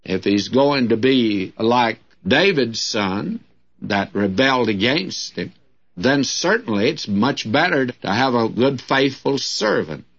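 An older man giving folksy, earnest Bible teaching on the radio, with a homespun and drawn-out delivery. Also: mid-range voice, fairly bright tone, breathy edge. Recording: dull lo-fi old radio recording.

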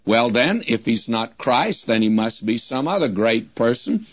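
An older man teaching the Bible as a radio preacher, slowing down and drawing out the words whenever he quotes scripture. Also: mid-range voice, expressive, dry recording. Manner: slows to a drawn-out crawl when quoting scripture. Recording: muffled old radio broadcast recording.

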